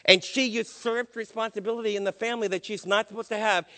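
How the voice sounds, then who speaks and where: A man's voice: high-pitched, steady tone, fast talker, bright, forceful tone, in a large hall. An older man preaching a sermon, emphatic and questioning his listeners.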